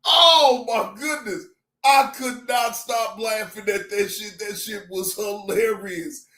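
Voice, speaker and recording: A man hosting a reaction channel, excitable and profane, laughing often as he comments. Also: high-pitched, slow pace, echoey room, soft background music.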